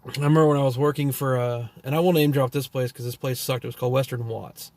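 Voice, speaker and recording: A man's voice: medium pitch, steady tone, quick pace, a little mellow, dry recording. A man from Texas with a Texan accent, telling loose, profane stories full of fillers and trailing thoughts. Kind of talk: rambling storytelling monologue.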